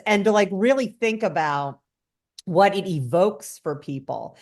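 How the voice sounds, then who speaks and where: A woman with a somewhat low voice chats as a guest on a podcast. She explains at length and livens it up when she quotes other people. Her tone stays conversational throughout. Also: animated, measured pace, darkish tone. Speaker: guest cannabis educator.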